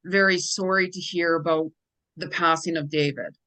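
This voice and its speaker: A woman hosting a casual podcast interview, chatty and quick to laugh along. Her voice sits a little low and sounds dry and close. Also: fairly even intonation, pushed and bright, no room sound. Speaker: podcast host.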